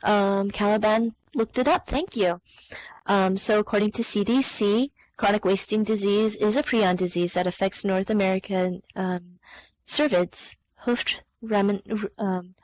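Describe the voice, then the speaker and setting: A woman giving an online science lesson in a relaxed, conversational way. She fills gaps with ums, catches and corrects herself mid-sentence, and keeps talking straight to her students. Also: medium pitch, poor audio. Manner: chatty, many ums and self-corrections. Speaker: science teacher. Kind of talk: live online lecture.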